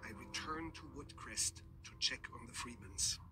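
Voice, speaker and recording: An actor playing a solemn male documentary newsman, giving measured scripted narration for an animated show. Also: medium pitch, close to an everyday voice. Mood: grave. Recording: loud music behind the voice.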